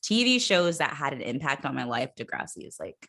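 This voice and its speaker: A woman, a comedian guest on a video call, telling a story in a casual, animated way. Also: rumbling low, a little fast, vocal fry. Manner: animated storyteller, acts out quoted voices.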